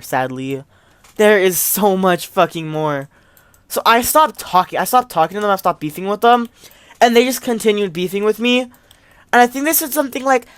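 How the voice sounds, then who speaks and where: Woman, mid-pitched, dry close recording; casual storytime rant, exasperated, rambling, trails off. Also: no echo. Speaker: gaming channel storyteller.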